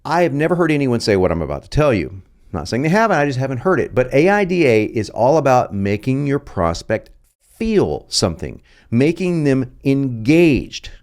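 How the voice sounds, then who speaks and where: A man's voice: mid-range voice, very animated, normal speed, a little mellow. A man hosting a copywriting video lesson, talking in a jokey, playful and emphatic way. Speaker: host.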